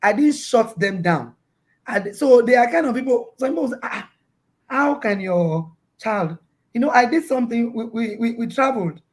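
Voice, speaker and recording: A woman's voice: a little high, animated, brisk, darkish tone. A woman talking in a casual interview over a video call, telling stories about her children, acting out their voices and often repeating words while she searches for them. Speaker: guest parent.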